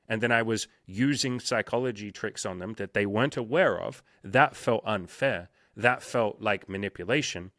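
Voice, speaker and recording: A man's voice: lowish voice, a bit bright, no room sound, studio quality. A man talking as a coach in a casual podcast conversation, swearing often and acting out quoted exchanges with emphasis. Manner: profane, emphatic, acts out sales calls in quoted voices. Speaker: dating and life coach.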